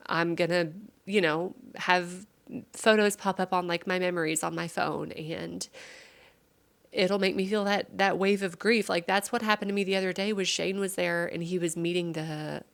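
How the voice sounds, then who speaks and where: A tearful woman talks at home in a casual, confessional vlog. Her voice sits a little low and has a gravelly fry. She rambles warmly, with plenty of fillers. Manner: rambling and heartfelt, many fillers. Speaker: vlogger and streamer.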